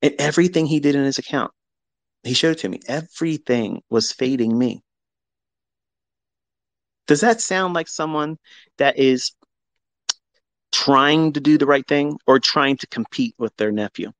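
A man in his fifties talks bluntly and swears freely as he hosts a live audio chat. He tells a story by acting out both sides of past conversations. His voice sits at an ordinary pitch and sounds dry and close. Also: a little slow, long pauses, dry recording, rough recording. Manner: blunt and profane, acts out both sides of remembered arguments. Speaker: host.

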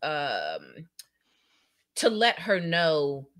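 A woman with a deep-set yet bright, forward voice discusses a novel on a live book club podcast. She is agreeable and easygoing, often backing up her co-host. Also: huge pitch swings, very slow. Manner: agreeable, often chiming in with "yeah" and "mm-hmm".

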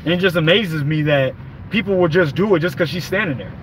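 A man's voice: a little high, quick pace, fairly bright tone, slight background noise. A man giving an angry, profane, rambling rant while driving, recorded on a phone in his car. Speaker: vlogger. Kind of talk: ranting vlog while driving.

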